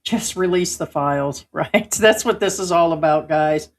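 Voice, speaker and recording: A woman's voice: low voice, unhurried. A woman hosting a livestream who reads viewer comments aloud and answers them in an emphatic, indignant way. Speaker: livestream host. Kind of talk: live chat commentary.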